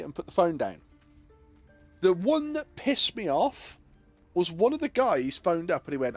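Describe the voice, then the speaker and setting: An animated male streamer chats casually as he plays, telling jokey stories and slipping into mimicked voices. His voice sits fairly high and swings widely in pitch. Faint game music plays underneath. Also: moderate pace, no room sound. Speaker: gaming streamer. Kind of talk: casual chat while playing.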